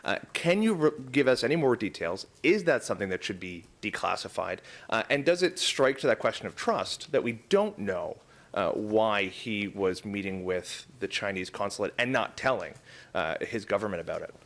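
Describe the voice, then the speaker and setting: Male reporter, low voice, probing press questions with lots of ums. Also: very animated, normal speed, a bit bright. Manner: probing, many filler words. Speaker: journalist.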